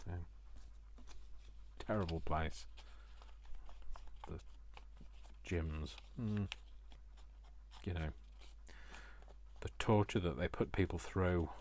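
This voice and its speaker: A man's voice: sits low, very slow, long pauses, a little mellow, slight background noise. A man chatting to viewers while crafting, joking at his own expense. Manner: self-mocking, jokey asides to viewers. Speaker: craft vlogger.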